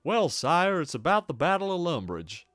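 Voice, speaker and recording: A man's voice: on the high side, very animated, normal speed, fairly bright tone, no room sound, clean studio sound. A man voicing an anxious middle-aged duke who pleads earnestly and deferentially. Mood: pleading. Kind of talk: reading game dialogue aloud with voices.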